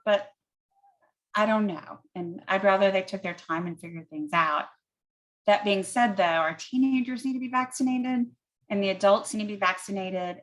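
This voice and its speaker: A woman's voice: mid-range voice, low-quality recording. A woman physician answering audience questions, explaining step by step in plain words with everyday comparisons and an occasional "um" as she thinks aloud.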